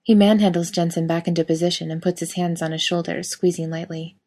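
Woman reading a story, lowish voice. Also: steady tone, a little fast, hardly any pauses, a little mellow. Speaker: reader. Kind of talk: reading fan fiction aloud.

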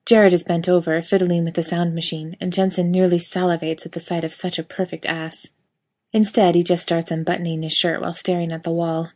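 Brief: female reader, slightly low pitch, wry lively storytelling. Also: brisk. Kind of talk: reading fan fiction aloud.

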